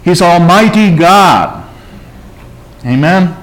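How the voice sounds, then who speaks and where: A man with a slightly higher voice preaches a sermon. He presses his points with rhetorical questions, calls for an amen and drifts into storytelling. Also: animated, slow pace, poor audio. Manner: emphatic preaching, calls for amen and tells stories. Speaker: pastor.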